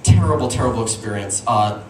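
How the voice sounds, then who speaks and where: A man's voice: lowish voice, brisk. A young man from Utah performing a stand-up comedy set, telling stories and talking to the crowd. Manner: animated storytelling with audience asides. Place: comedy club stage. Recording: echoey live room, mic at a distance, noisy. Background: audience laughter and room noise.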